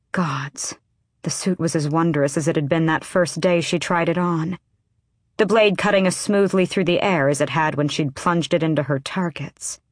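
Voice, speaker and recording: Female audiobook narrator, low voice, dry studio read. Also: no room sound. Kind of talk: scripted narration.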